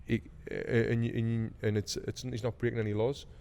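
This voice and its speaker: A man's voice: medium pitch, level tone, a little fast, a little mellow, clean tone, long reverb tail. A man, telling a story in a casual podcast chat, swearing freely and acting out quotes with heat. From England. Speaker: podcast host.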